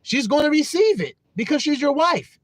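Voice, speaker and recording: A male preacher with a high, very lively voice, delivering a sermon. He talks emphatically and bluntly, with casual profanity. The recording is dry and close. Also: moderate pace, no room sound.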